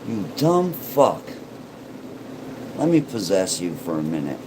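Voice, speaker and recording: A rude male ghost speaks in a gruff, insulting voice that drops well below the speaker's normal pitch, as a man puts it on. The delivery is slow and menacing. A steady hum of noise sits behind the voice. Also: heavily acted. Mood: hostile.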